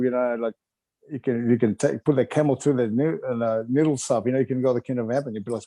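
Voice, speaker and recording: A man's voice: medium pitch, steady tone, racing, warm tone, dry recording. A middle-aged man from Wales, a retired wrestler, reminiscing in a rambling, chuckling way with lots of filler phrases.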